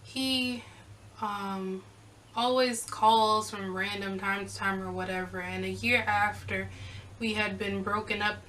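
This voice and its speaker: Bright, sassy young woman vlogger. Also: mid-range voice, slow pace, recorded from a distance, a little hiss or hum, poor audio. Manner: sassy, animated retelling with quoted back-and-forth. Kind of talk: casual storytime.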